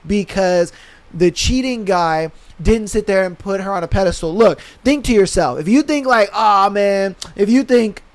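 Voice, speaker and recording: A man's voice: high-pitched, expressive, normal speed, a little hiss or hum. A young man hosting a podcast, ranting bluntly in casual slang and profanity, often acting out what others say. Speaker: podcast host. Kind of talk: casual opinion rant.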